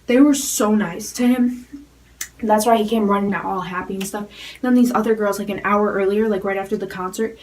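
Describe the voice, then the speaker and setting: A teenage girl telling a story to camera, talking fast and rambling, with "like" in nearly every phrase. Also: medium pitch, fairly even intonation, a little mellow, far from the mic, a little hiss or hum, low-quality recording. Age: teens. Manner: rapid rambling with constant "like" fillers. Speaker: fan vlogger.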